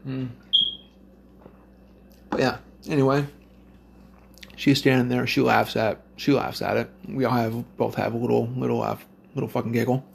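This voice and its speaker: Heavily gravelly man ranting with nonstop swearing. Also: medium pitch, flat delivery, moderate pace, long pauses, slight background noise. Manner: rambling, swears constantly, loose and blunt. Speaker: parent telling a story to listeners. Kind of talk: profane storytelling rant.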